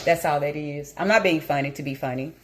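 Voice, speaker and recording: A woman chats casually to her camera in a rambling, anxious flow. Her voice sits a little low, and she gets animated as she talks, sometimes with food in her mouth. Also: brisk, noisy background. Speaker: vlogger. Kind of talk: casual chat.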